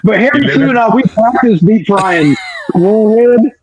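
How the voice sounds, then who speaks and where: A man, co-hosting a barbecue chat and telling an animated story, laughing often. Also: sits high, moderate pace, over a noisy crowd, poor audio. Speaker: barbecue podcast co-host.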